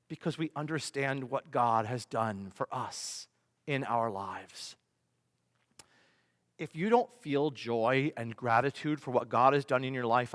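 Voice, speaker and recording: Man preaching in a reverberant church. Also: mid-range voice. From United States. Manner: emphatic preaching with rhetorical questions and big swings in loudness. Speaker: pastor. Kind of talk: sermon. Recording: long reverb of a large hall.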